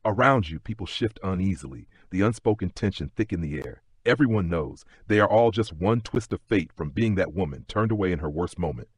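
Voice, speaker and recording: A man narrating a history sleep story in a slow, gentle second-person telling. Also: deep voice, expressive, husky, dry recording.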